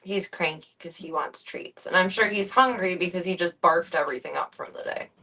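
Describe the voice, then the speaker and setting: Female streamer, casual, gentle coaxing tone; lowish voice, recorded off-mic. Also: fairly quick. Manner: soft, coaxing talk to her pet. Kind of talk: casual chat. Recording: distant mic.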